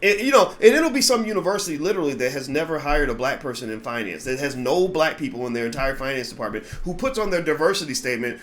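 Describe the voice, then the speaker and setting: A man's voice: medium pitch, expressive, fast, hardly any pauses, a bit bright. Blunt, emphatic man talking. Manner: emphatic and blunt, repeats words when starting sentences. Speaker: host of a commentary channel. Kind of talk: commentary monologue.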